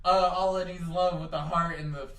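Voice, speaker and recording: Podcast co-host: bright, slightly high, blunt and opinionated, swears casually. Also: male voice, fairly even intonation, fairly quick, roomy sound, distant mic. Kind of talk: casual chat.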